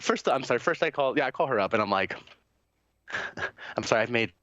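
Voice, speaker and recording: A man's voice: medium pitch, expressive, fairly quick, bright, forceful tone, dry recording, muffled recording. A man hosting a podcast, telling a long story in casual chat, rambling and swearing, with many fillers and quoted dialogue. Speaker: podcast host.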